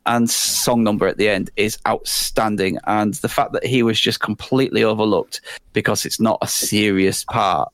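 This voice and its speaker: A man's voice: lowish voice, fairly even intonation, moderate pace, fairly bright tone, dry recording. Casting: enthusiastic man, podcast co-host, rambling casual chat, dry close sound. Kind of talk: casual chat, award presenting bit.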